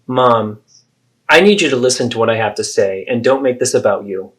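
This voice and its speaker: A man's voice: medium pitch, slightly rough, lightly acted. A man playing an adult daughter who firmly confronts her mother in a therapy role-play. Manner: firm, measured.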